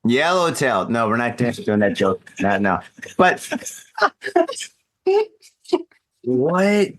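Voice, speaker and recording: A man's voice: mid-range voice, sing-song, drawn-out words, a bit bright. A man hosting a podcast, drunk and telling a rambling, profane story in casual chat. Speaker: podcast host. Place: in Japan.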